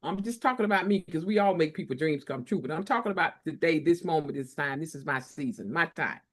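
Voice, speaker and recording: A woman's voice: low-pitched, lively intonation, quick pace. A woman hosting a book launch, giving an emotional, preachy motivational talk full of repetition. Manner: preachy, repetitive, tearful at times. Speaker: book collaboration host.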